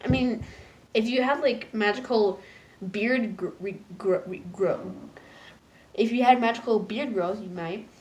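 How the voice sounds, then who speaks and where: Woman reviewer, casual recap, filler-heavy, restarts, pops into squeaky character voices. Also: measured pace. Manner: rambling, many "like"s and stumbling restarts; jumps into high, loud voices for characters. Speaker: episode reviewer.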